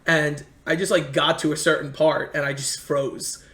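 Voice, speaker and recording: A man's voice: on the high side, little pitch movement, normal speed, sharp tone. A man from the United States telling rambling, earnest travel stories in a casual chat. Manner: earnest, rambling anecdotes with many restarts. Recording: echoey room.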